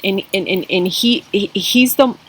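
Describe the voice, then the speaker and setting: A woman's voice: mid-range voice, a little slow, a little hiss or hum, poor audio. A woman giving a spiritual cup reading to camera, earnest and emotional, talking straight to her viewers. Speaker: tarot and coffee-cup reader.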